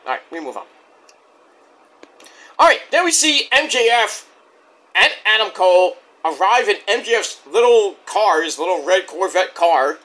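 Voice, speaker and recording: A man giving a casual, excitable wrestling review and acting out the quotes in silly voices. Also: sits high.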